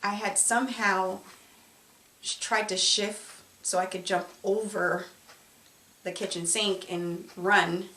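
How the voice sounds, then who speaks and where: A woman's voice: mid-range voice, fairly even intonation, takes it slowly, pushed and bright. Emotional woman telling a personal story. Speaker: survivor telling her story. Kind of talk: candid personal testimony. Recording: roomy, distant mic, faint noise.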